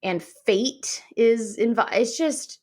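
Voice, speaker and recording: A woman's voice: a little high, a little mellow. A woman co-hosting a podcast, chatting casually and eagerly about books she has read. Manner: chatty, enthusiastic, quick to joke. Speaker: podcast co-host. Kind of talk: casual book chat.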